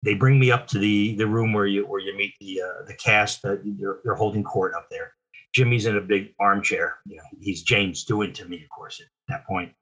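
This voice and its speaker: An older man from New Jersey tells stories as an interview guest, with a husky, breathy edge to his voice. His tone is bright and forceful, and he talks in animated bursts full of restarts. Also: fairly low pitch, normal speed. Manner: animated storyteller, frequent restarts. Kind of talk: casual storytelling interview.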